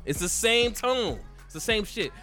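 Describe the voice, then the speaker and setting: A young man with a bright, forceful voice, talking animatedly on a podcast and swearing freely. He rambles with energy and keeps calling his co-host "bro." Faint music sits in the background. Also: high-pitched, measured pace. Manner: animated, swears a lot, says "bro" often. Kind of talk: casual chat.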